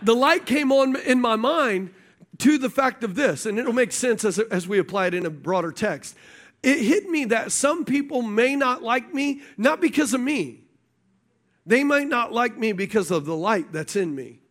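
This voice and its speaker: A man's voice: very high-pitched, moderate pace. A middle-aged man preaching a sermon, telling a personal story and calling out questions to the congregation. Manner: storytelling preacher, animated, asks the audience questions. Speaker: pastor.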